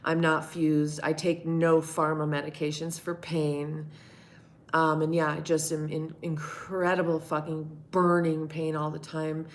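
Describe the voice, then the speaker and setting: A middle-aged woman with a notably low, deep voice chats casually on a live stream. She talks in a candid, meandering way, answering viewers one by one and dropping curse words without a second thought. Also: little pitch movement, measured pace. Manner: candid, rambling, swears freely. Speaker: livestream host answering chat.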